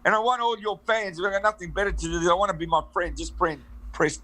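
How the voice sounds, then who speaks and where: A man's voice: high-pitched, fast talker, sharp tone, rough recording. A man from Melbourne with an Australian accent, a chatty, bossy, rambling guest in a casual interview. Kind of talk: casual chat.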